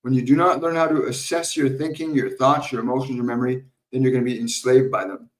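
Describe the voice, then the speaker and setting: Male medium hosting a live stream Q&A, calm and unhurried, repeats his points, sounds roomy and set back from the mic. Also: mid-range voice, recorded from a distance. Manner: calm, slow, repetitive teaching with soft laughs. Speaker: spiritual medium answering viewer questions. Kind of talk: live Q&A stream with guided meditation.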